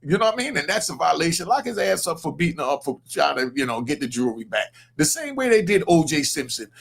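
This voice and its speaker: A man's voice: high voice, gravelly, breathy edge. A man hosting a podcast, giving blunt, profane, street-style commentary with lots of energy. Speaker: podcast host. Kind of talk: casual opinionated commentary.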